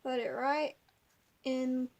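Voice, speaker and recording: A woman's voice: high voice, steady tone, slow pace, a little mellow. A young woman at home giving a rambling, giggly craft tutorial that keeps drifting off topic. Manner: rambling, giggly, easily sidetracked. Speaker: craft video maker.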